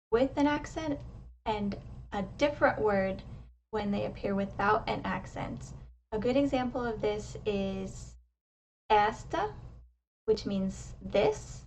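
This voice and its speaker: Slow, gravelly-voiced woman teacher. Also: mid-range voice, recorded from a distance, a little hiss or hum. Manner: explains step by step, models words slowly and emphatically. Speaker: language teacher. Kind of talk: slow, careful pronunciation lesson.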